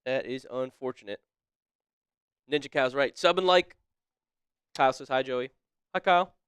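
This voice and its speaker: A man co-hosting a casual sports live stream, excitable and quick to laugh, reading viewers' names aloud as he calls the plays. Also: medium pitch, smooth, no room sound.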